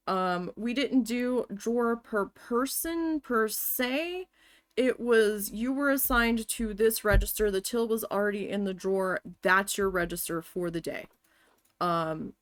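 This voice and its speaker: A woman streamer telling a personal work story casually, swearing freely and getting animated as she talks. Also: medium pitch, gravelly, no room sound. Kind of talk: casual storytelling while gaming.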